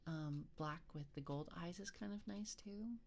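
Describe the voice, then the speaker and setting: A woman streamer chatting softly in an ASMR stream, hesitant and rambling, often slipping into a whisper, into a binaural microphone. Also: fairly low pitch, measured pace, slight background noise. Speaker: VTuber streamer. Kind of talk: soft-spoken ASMR stream chat.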